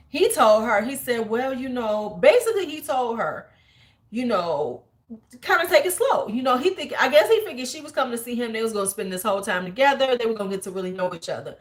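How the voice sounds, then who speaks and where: Laughing, animated woman host chatting casually. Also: fairly high pitch. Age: 40s. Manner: animated, laughing, slangy storyteller. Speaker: beauty livestream host. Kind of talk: casual livestream chat.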